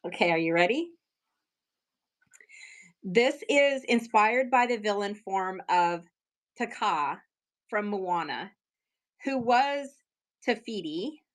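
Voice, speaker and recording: A woman runs a casual live-stream sale of her own handmade work. Her pitch sits in the middle of the range. She talks to her viewers in an excitable, rambling way, full of fillers and quick asides. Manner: chatty, excitable, many fillers.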